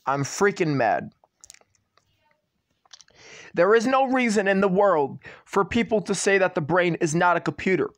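A man's voice: high voice, a little fast, few pauses. A man ranting to camera in a vlog, repeating himself, swearing and addressing the platform directly. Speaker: channel owner.

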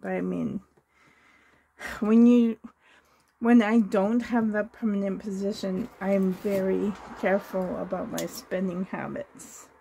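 With a gravelly, warm, medium-pitched voice over slight background noise, a Canadian woman who collects reborn dolls vlogs an unboxing. She is effusive and gushing, laughing frequently, coughing a bit, and teary.

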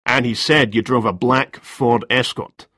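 A man's voice: mid-range voice, steady tone, measured pace, bright, forceful tone, slightly rough, dry recording, clean studio sound. A man voicing a cold, polite detective. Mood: probing. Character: cool, formal male police detective. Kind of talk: storybook reading.

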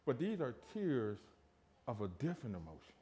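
A man preaching a sermon in a church, emphatic and full of rhetorical questions, dropping from loud to hushed. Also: medium pitch, huge pitch swings, moderate pace, a little hiss or hum. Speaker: pastor. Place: church sanctuary.

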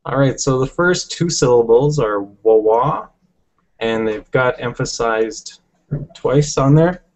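A man teaching a language lesson, explaining patiently step by step, often pausing with ums. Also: mid-range voice, animated, rough recording.

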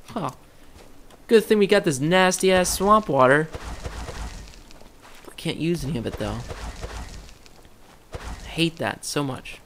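A man talking through his gameplay in a loose, joking way, swearing freely and jumping to loud yelps when monsters appear. His voice sits at an ordinary middle pitch. A faint hum of noise runs underneath. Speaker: gaming commentator. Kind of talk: casual let's-play commentary.

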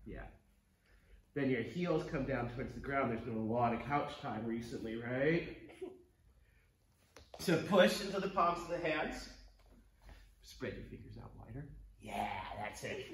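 Slow, encouraging man leading kids yoga. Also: mid-range voice, expressive, echoey room, slight background noise. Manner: encouraging and playful, counts breaths. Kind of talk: guiding a kids yoga class. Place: home room.

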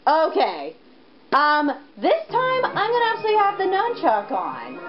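A young woman giving excitable let's play commentary, with frequent exclamations. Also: extremely high pitch, measured pace, dull audio, music in the background. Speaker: gamer.

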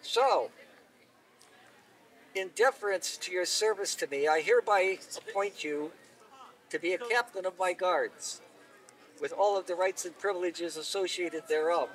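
A man's voice: high-pitched, unhurried, pauses often, a bit bright. A man voicing a just, commanding king who speaks in formal courtly phrases, recorded from a distance outdoors. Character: stately middle-aged male king, just and commanding.

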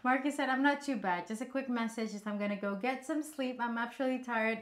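A woman's voice: fairly high pitch, fairly quick. Chatty woman co-hosting a stream. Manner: chatty, reads chat aloud, muses over small details. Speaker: cooking stream co-host. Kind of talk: casual chat.

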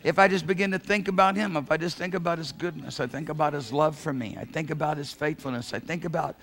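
A man preaching a sermon as pastor of a church, fervent, swinging from hushed passages to shouted calls. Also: on the high side, steady tone, quick pace. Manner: acts out quoted voices of God. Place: church sanctuary.

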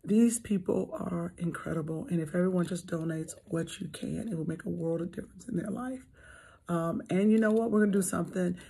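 A middle-aged woman co-hosts a comedy podcast in a loose, chatty way. Her voice is gravelly and husky, and she fills her sentences with "uh"s and "um"s. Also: fairly low pitch, mellow. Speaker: podcast co-host. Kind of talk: casual chat.

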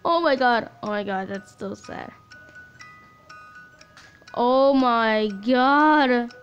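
A woman giving excitable reaction commentary full of gasping exclamations while watching a video. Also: on the high side, drawn-out words, dull audio. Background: loud music from the watched video.

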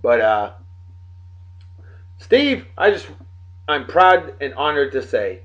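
A man hosting a daily beer and song show from home, rambling and joking as he gives birthday shout-outs to friends. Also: mid-range voice, sing-song, takes it slowly, long pauses. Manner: rambling, jokey, talks straight to friends. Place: home in Texas.

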